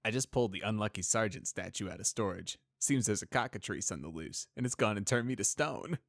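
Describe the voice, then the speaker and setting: A man's voice: on the low side, animated, a little fast, a bit bright, no echo. A man voicing a friendly, joking stallion sergeant who talks in a jovial, teasing way.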